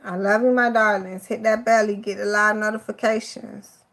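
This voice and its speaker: Woman, Miami accent, live tarot reader, teary-eyed, affectionate, swears casually, middle pitch. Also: fairly even intonation, normal speed, fairly bright tone.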